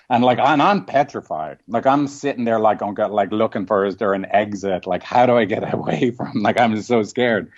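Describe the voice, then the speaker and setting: A man's voice: lowish voice, moderate pace, a little mellow. Dublin irish guy, therapist, earnest storyteller, lots of "like" and "right?", muffled lo-fi audio. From Ireland. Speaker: couples therapist guest. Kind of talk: reflective interview talk.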